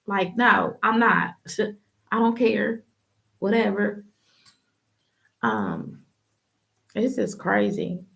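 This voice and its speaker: A woman talking through her own testimony on a podcast, with a gravelly, fry-edged voice at a middle pitch. She speaks emphatically and candidly, slipping into the voices of the people she quotes. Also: extremely slow, long pauses. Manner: animated, acts out quoted voices. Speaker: podcast host. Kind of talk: personal testimony, casual talk.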